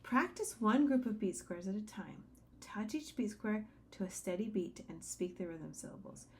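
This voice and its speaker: A woman's voice: medium pitch, normal speed, darkish tone. Patient woman teaching a singing lesson. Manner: patient, step-by-step instructions with sung examples. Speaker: music teacher.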